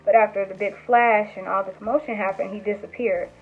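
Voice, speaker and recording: A woman's voice: mid-range voice, fairly even intonation, fairly quick, breathy edge. A young woman vlogger casually telling stories about her dreams to camera, chatty and earnest, with lots of "like" and restarts. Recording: tinny phone-like sound with faint music.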